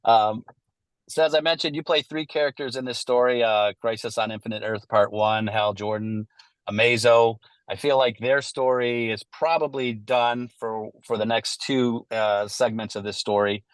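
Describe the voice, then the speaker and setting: A man's voice: medium pitch, steady tone, normal speed, clear, resonant tone, no room sound. A man hosting an interview, asking questions in a conversational, thoughtful way. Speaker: interviewer host. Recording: dry, close sound.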